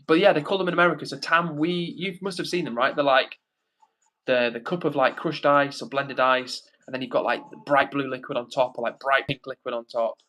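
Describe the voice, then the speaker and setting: A young man with a medium-pitched, fairly bright voice hosts a livestream. He reads viewer comments aloud and answers them in a rambling, chatty way, full of fillers, as casual live chat.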